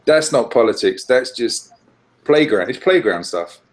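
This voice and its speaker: A man's voice: medium pitch, lively intonation, measured pace. A man in a casual group chat, speaking in a blunt, matter-of-fact way.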